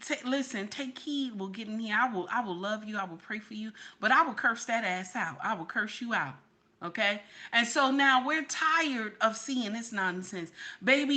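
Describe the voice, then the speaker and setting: A woman's voice: fairly high pitch, bright, forceful tone. A woman hosting her own channel, giving sassy, preachy reaction commentary straight to her viewers. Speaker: channel host.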